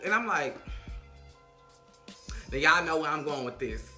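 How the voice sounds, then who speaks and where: A man giving sassy, animated recap commentary on a reality show, sometimes heartfelt. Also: fairly high pitch, measured pace, long pauses, soft background music.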